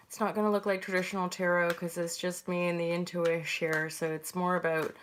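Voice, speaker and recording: A woman hosting a casual intuitive tarot reading, chatty and rambling, with sudden bright greetings. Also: fairly low pitch, little pitch movement, brisk, a little hiss or hum. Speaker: host and tarot reader.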